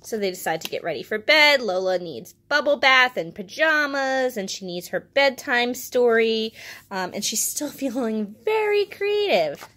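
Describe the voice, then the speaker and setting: A woman reviewing a children's picture book, reading pages aloud with expressive enthusiasm. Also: fairly high pitch, measured pace.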